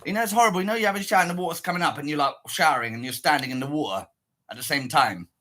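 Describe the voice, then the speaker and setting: A man's voice: a little high, very fast, bright, forceful tone. A man chatting casually with viewers on a livestream, rambling and swearing as he potters about. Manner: rambling and profane, mutters to himself.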